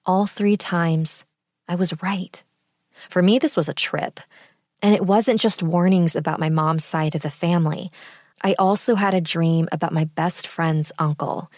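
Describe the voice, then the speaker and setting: A young woman from the East Bay in California, calmly and reflectively recounting a personal story in first-person narration. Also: low voice, no echo, studio quality. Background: background music.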